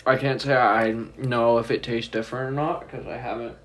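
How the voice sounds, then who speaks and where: A man's voice: mid-range voice, little pitch movement, fairly quick, fairly bright tone. A young man talking casually and teasingly in a rambling home vlog from student housing. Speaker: vlogger.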